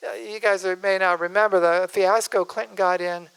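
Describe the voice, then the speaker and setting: A man's voice: sits high, fairly even intonation, moderate pace, creaky, a bit bright, smooth, low-quality recording. An older man, a physician, giving a conversational public speech in a folksy way, wandering off on asides and restarting his sentences. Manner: folksy, digressive, self-interrupting.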